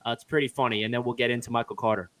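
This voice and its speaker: A man hosting a casual sports chat, excitable and quick-talking. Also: medium pitch. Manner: excitable, talks fast. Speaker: podcast host.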